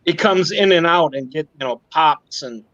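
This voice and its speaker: Easygoing guy on a stream call, a bit high for a man, muffled dry sound. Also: normal speed, fairly bright tone, no echo. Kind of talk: casual chat on a live stream.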